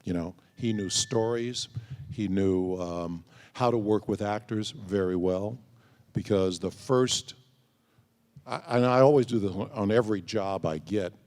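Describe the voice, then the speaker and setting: At a large convention hall, a man answers fan questions as a panel guest, telling anecdotes and acting out quoted dialogue in his storytelling replies. His voice is on the low side, unhurried and a little mellow. The recording carries a long hall reverb.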